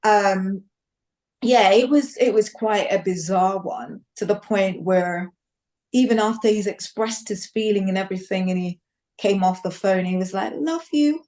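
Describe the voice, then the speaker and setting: Speaking unhurriedly in a mid-range voice, this woman recounts her own testimony in conversation. Her storytelling is lively, with acted-out quotes from the people in it and bursts of laughter.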